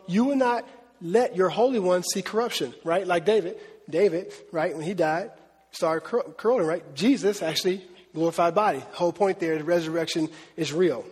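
A male pastor with a high, husky voice delivers a sermon in a conversational, questioning way. His voice carries a long reverb, as if recorded in a church hall. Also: darkish tone. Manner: conversational, asks the audience questions.

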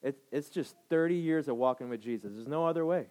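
A pastor in his thirties delivers a sermon quickly in a slightly high, slightly mellow voice. He's emphatic with the congregation, repeating phrases and tossing in "right?" to check in.

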